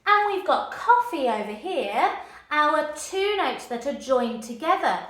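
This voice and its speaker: Lively music teacher, roomy sound. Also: female voice, high voice, unhurried, slight background noise. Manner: lively and encouraging, counting and chanting rhythms. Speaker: primary school music teacher. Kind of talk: children's music lesson. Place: room with a screen behind her.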